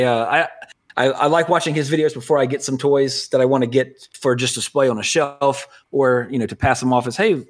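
A man hosting a podcast, with a voice pitched a little high. He rambles in loose, casual talk, corrects himself mid-sentence and breaks into laughter often. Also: fairly bright tone. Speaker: podcast host.

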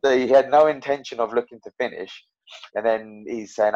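A man's voice: medium pitch, fairly quick, lo-fi sound. A man talking as an MMA fighter guest, rambling and frank about his own fights. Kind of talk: casual interview chat.

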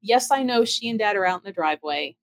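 A middle-aged woman casually telling ghost stories from her own home, chatty and lively, acting out the voices of the people in her story. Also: medium pitch, quick pace, no echo. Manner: chatty, animated, acts out quoted dialogue. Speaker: storyteller recounting ghost encounters.

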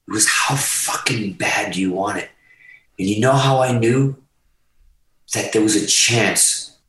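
A man's voice: sits low, a bit bright, echoey room, distant mic, low-quality recording. A man telling his story as a podcast guest, emphatic and rambling and swearing freely. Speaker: guest musician. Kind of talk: candid storytelling in a podcast interview.

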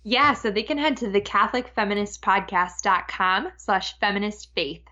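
A woman's voice: medium pitch, steady tone, normal speed, pushed and bright. A young woman guest talking in a chatty, laughing way with lots of fillers. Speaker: podcast guest. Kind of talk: casual interview chat. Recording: dull lo-fi remote line.

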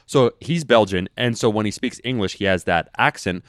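A man with a fairly low voice rambles through a casual chat, stacking fillers and restarting his sentences. The recording is dry and close, with no room sound. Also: moderate pace, no echo.

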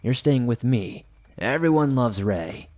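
A man voicing a creepy, very tall young man with a high-pitched voice who talks like a mother speaking to a small child. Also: expressive, a little slow, darkish tone, close to an everyday voice. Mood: menacing glee.

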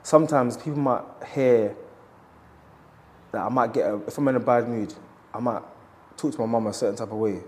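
A man's voice: mid-range voice, fairly even intonation, a little fast, long pauses, darkish tone. A man, a boxer speaking candidly in an interview, reflective and storytelling with quoted asides.

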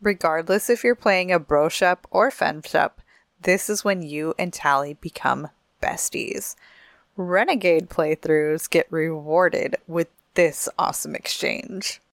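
Podcast co-host, woman, casual giggly chat, lowish pitch, dry. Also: takes it slowly, creaky, no room sound. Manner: chatty, giggly, reads listener submissions.

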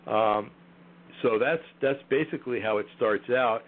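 A man's voice: medium pitch, measured pace. A man guest in a casual interview, talking hesitantly with many fillers and restarts. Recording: tinny phone line.

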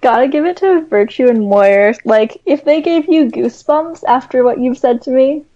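High-voiced woman on a dull distant line. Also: moderate pace, dark tone. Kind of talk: casual sports chat.

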